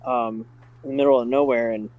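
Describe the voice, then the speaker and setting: A middle-aged man telling stories in a casual podcast chat, full of fillers and excitement. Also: mid-range voice, fairly quick, no room sound, muffled recording. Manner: enthusiastic, many fillers like "like" and "uh". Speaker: podcast guest, driving school staff. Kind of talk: casual storytelling.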